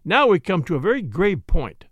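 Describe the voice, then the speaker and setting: A man's voice: high voice, very animated, fairly bright tone, no room sound, full character voice. A man voicing a self-assured, matter-of-fact police inspector in a story reading. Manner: confident, matter-of-fact, brisk.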